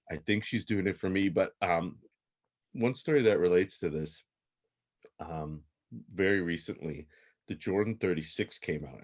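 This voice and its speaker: A man, telling stories as a podcast guest in an animated way, chuckling often. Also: low-pitched. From Toronto, Canada. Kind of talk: casual storytelling interview.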